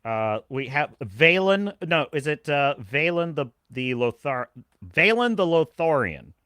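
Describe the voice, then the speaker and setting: A man hosts a live stream, chatting to his viewers in an excitable rant that keeps breaking into laughs. His voice runs fairly high and swoops a lot, with a bright, forceful edge. The sound is dry and close. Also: unhurried, smooth, no room sound. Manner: animated, laughing, reads chat aloud. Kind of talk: ranting live stream chat.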